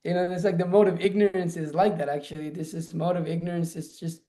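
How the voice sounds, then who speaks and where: A man's voice: on the high side, flat delivery, fast, dark tone. A man speaking casually in a scripture class, rambling with many restarts. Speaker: lecturer on scripture. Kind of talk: informal scripture class talk.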